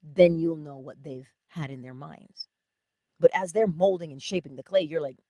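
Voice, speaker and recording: A woman giving an animated motivational talk, often laughing and talking straight to her viewers. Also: low voice, moderate pace, no room sound, clean studio sound. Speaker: inspirational speaker.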